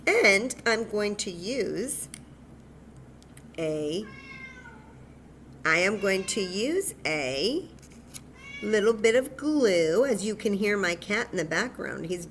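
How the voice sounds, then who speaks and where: A woman leading a children's story time at home, speaking slowly in a sing-song way and talking directly to the kids. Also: medium pitch, a bit bright, a little hiss or hum. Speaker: children's librarian. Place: home room with a cat nearby.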